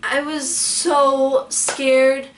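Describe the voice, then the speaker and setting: A young woman with a high, light voice tells her story to the camera, animated and full of fillers. She slips into dramatic quoted outbursts as she goes. A faint hiss sits under her voice. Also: drawn-out words. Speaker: vlogger. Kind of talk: storytelling vlog.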